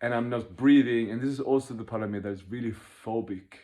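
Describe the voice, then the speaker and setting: A man leading a workshop, talking fast and animatedly, laughing at himself and acting out inner voices as he explains. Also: medium pitch, dark tone. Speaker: workshop leader. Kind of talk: informal teaching talk.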